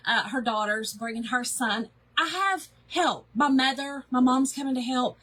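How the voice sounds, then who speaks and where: A woman hosts a casual craft livestream with a slightly husky, higher-pitched voice. She rambles cheerfully, greets viewers one by one, and jokes about her own habit of overthinking. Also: normal speed, fairly bright tone. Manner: chatty and rambling, greets viewers by name, self-deprecating.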